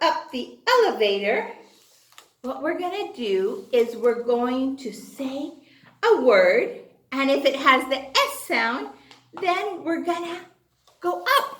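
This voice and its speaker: Very high, sing-song woman teacher. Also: a bit bright, echoey room. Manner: sing-song, exaggerated and cheerful, with frequent gasps of delight. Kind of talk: children's phonics lesson.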